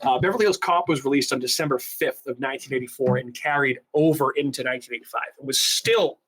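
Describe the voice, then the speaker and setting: A man's voice: mid-range voice, fast, fairly bright tone, slightly rough. A man hosting a casual podcast chat, running through lists of old films in a loose, talkative way. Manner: lists film facts, loose and chatty. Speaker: podcast host.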